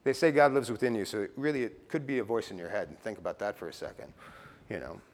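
A man's voice: lowish voice, fast, long reverb tail. A middle-aged man sharing his recovery story at a meeting, blunt and casual, swearing and tossing in "you know" and "right.".

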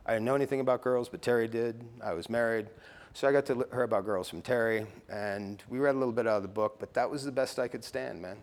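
A man's voice: medium pitch, fast, big-room sound. A middle-aged man sharing his recovery story at a meeting, blunt and casual, swearing and tossing in "you know" and "right.".

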